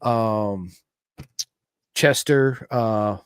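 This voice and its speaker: An American man hosting a podcast, chatting casually and telling stories with bursts of excitement. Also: lowish voice, extremely slow, clean tone, no room sound, studio quality. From United States. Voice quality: excitable, animated storyteller. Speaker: podcast host. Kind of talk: casual interview chat.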